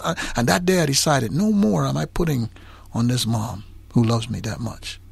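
A man's voice: medium pitch, lively intonation, a little fast, vocal fry, husky, dry recording. A man preaching a sermon, telling a personal story and acting out the dialogue before building toward an impassioned point.

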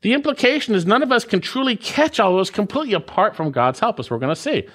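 Animated man preaching a sermon. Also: sits high. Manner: emphatic, repeats key phrases with rising stress; slows down for emphasis, explains word meanings. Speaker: pastor. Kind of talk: expository sermon.

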